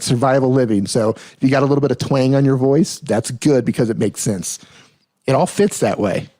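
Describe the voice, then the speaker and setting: A man hosting a casual live stream, reading viewer questions aloud and answering in a relaxed, chatty way, often laughing. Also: mid-range voice, dry recording, studio quality. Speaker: livestream host answering questions.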